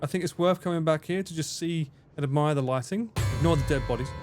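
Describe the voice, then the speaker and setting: A man's voice: fairly high pitch, quick pace, few pauses, soft background music. A man chatting casually to his live-stream audience while gaming, joking around and swearing freely. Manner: jokey, animated, swears freely.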